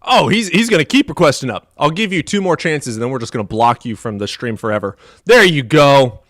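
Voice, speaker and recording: Animated, foul-mouthed streamer guy. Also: fast talker, no room sound, clean studio sound. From US Midwest. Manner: profane, animated, swings between loud outbursts and low mutters. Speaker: live streamer. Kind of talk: casual livestream chat.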